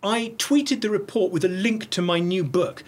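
A man's voice: high voice, normal speed. A middle-aged man talking as an interview guest, blunt and profane, tumbling over restarts as he speaks. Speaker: podcast guest. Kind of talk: candid interview conversation.

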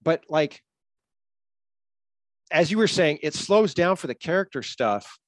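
A man's voice: fairly high pitch, expressive, a little slow, dry recording. A man in casual film discussion, retelling scenes with lots of fillers and acting out the lines.

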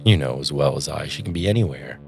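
A man reading aloud voicing a stern middle-aged mother who talks in sharp, clipped snaps. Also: very deep voice, lively intonation, fast talker, gravelly, faint music behind, pitched below the performer's own voice, exaggerated voice. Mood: curt.

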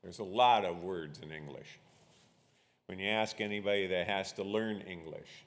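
A man's voice: sits low, normal speed. A man preaching a sermon as pastor, leading a prayer and explaining scripture with rising emphasis. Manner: prays quietly, then preaches with rising emphasis.

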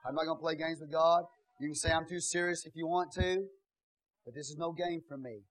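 A man preaching a sermon as pastor in a church, dropping to quiet asides and rising to loud shouts. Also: a little high, steady tone, brisk, dry recording, rough recording.

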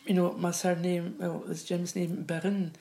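A woman's voice: fairly low pitch, completely flat delivery, creaky, dark tone. Chatty Scottish woman, roomy sound. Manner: chatty, halting restarts. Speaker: host. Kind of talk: casual chat. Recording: roomy echo.

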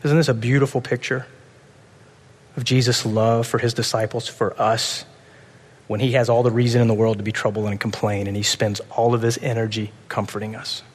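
A man preaching a sermon with passion, swinging between urgent, loud pleading and soft, hushed moments. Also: mid-range voice, flat delivery, a little fast, husky, long reverb tail. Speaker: pastor.

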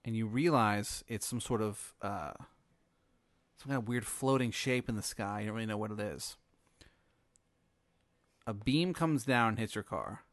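A man with a medium-pitched voice rambles through an improvised comic story, deadpan and full of fillers. The sound is dry and close, with no room echo. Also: normal speed, long pauses. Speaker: podcast host.

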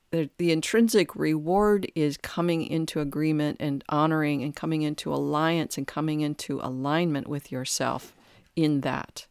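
A podcast host giving a reflective spiritual talk, thoughtful and halting, often restarting phrases. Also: mid-range voice, fairly even intonation, vocal fry, a little mellow, smooth, no echo, clean studio sound.

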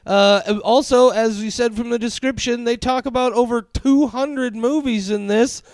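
A man's voice: very high-pitched, fairly even intonation, normal speed, no echo. A man co-hosting a casual film podcast, talking with playful teasing and hesitant fillers. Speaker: podcast co-host.

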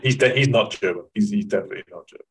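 A man's voice: fairly low pitch, racing, a bit bright, slightly rough. A man co-hosting a podcast, teasing his friends in casual banter. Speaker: podcast co-host. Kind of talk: casual chat.

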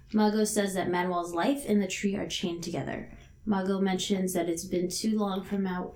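A woman co-hosting a casual chat, recapping a drama episode in a relaxed way with casual swearing. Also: fairly low pitch. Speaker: podcast co-host recapping a TV drama.

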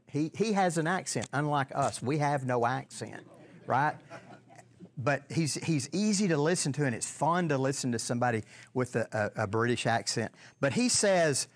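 A man's voice: medium pitch, expressive. A man teaching a Bible lesson in a conversational way, often repeating words and putting questions to his listeners. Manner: halting, repeats words, asks the audience questions.

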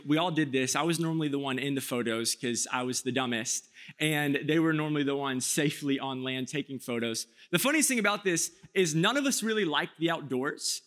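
A man in his thirties with a fairly high voice preaches to his church. He tells stories with self-mocking humor and acts out other people's lines. His tone is light and easy. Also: a bit bright. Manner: joking, self-mocking storytelling with acted-out quotes. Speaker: pastor. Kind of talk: sermon.

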